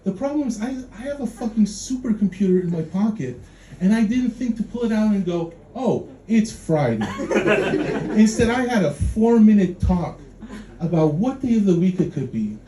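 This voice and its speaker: A man's voice: high-pitched, expressive, fairly quick, mellow. A man doing a stand-up comedy set, rambling and self-mocking, with stammering restarts. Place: comedy club stage before a live audience. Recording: echoey club room with faint noise.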